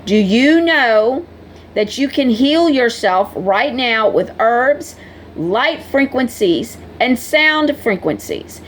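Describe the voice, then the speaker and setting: A woman's voice: a little high, very animated, slow pace, slight background noise. A woman vlogger talking casually and bluntly to her viewers, scolding them in a preachy way. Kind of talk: casual direct-to-camera talk.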